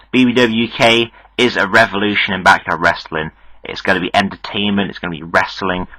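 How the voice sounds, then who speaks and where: A man's voice: deep voice, sharp tone, no room sound, rough recording. A young man hosting a podcast, delivering a hyped wrestling promo straight to the fans. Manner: hyped, salesy, addresses fans directly. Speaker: podcast host and backyard wrestler.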